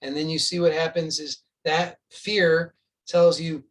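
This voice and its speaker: A man with a fairly high voice gives an insistent spiritual talk. He restarts phrases and plays out imagined back-and-forth with the listener, and his voice sounds a little distant from the microphone. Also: steady tone, a little slow, a bit bright. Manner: earnest, insistent, with many restarts and acted-out dialogue. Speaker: spiritual teacher.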